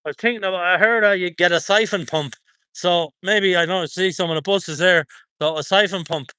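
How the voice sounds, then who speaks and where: Irish man, rambling livestream chat, bright clear voice, close dry sound. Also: high-pitched, a little fast, no room sound. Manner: chatty, rambling, chuckles often. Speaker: livestreamer at a protest. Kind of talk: casual livestream commentary reading viewer comments. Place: outdoors at a roadside protest.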